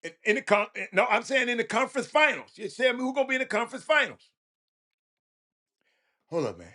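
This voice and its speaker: A man's voice: very high voice, brisk. A man with a Houston accent hosting a casual sports talk stream, laughing often and talking straight to his chat. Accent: Houston, Texas. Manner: animated, laughing, talks to chat. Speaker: livestream host.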